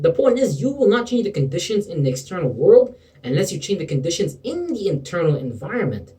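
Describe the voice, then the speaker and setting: A man's voice: high-pitched, big pitch swings, a little fast, hardly any pauses, mellow, recorded from a distance, low-quality recording. A man giving an impassioned spiritual pep talk to camera, preachy and sometimes sarcastic, calling the listener bro and man. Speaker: motivational video preacher.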